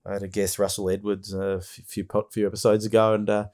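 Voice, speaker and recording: A man hosts a casual podcast chat in a fairly low, mellow voice. He talks with eager enthusiasm, rambling and restarting his sentences as he goes. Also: little pitch movement, fast. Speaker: podcast host.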